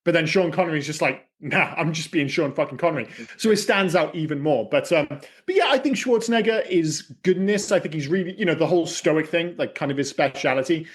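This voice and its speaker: A man's voice: on the high side, a little fast, hardly any pauses. A man co-hosting a podcast, giving strong, sweary opinions in casual film talk. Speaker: podcast co-host.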